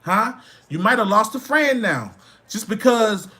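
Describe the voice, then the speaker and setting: Man, high voice, bright tone, blunt and profane, casual live-stream rant. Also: lively intonation, unhurried. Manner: repeats phrases for emphasis. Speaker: livestream host.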